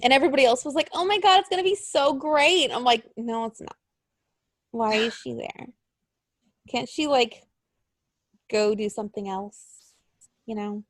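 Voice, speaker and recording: A woman co-hosting a casual wrestling podcast, animated and blunt, acting out quotes in higher voices and swearing now and then. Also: dry recording, studio quality. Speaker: podcast co-host.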